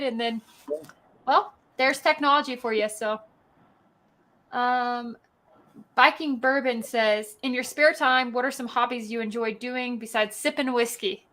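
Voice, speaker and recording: A woman's voice: a little high, measured pace, sharp tone. A woman hosting a casual live stream from her laptop, bubbly and joking, reading out viewer comments and laughing often. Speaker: show host.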